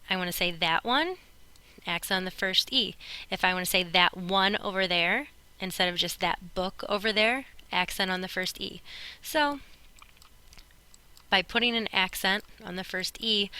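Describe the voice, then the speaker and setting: A woman's voice: on the low side, pushed and bright, clean tone, rough recording. A woman teaching a recorded Spanish grammar lesson, patiently explaining to her students and telling them what to write in their notes.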